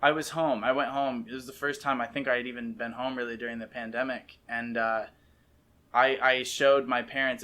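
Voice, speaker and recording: A man's voice: medium pitch, sharp tone. A man with a Midwestern American accent from Ohio, hosting a casual reaction video, rambling enthusiastically and often interrupting himself. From Ohio, USA. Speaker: reaction video host, actor and filmmaker.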